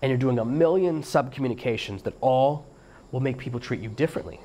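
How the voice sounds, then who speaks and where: A middle-aged man hosts a solo podcast, talking fast and giving emphatic coaching advice while acting out bits of quoted dialogue. His voice is medium in pitch with a warm tone.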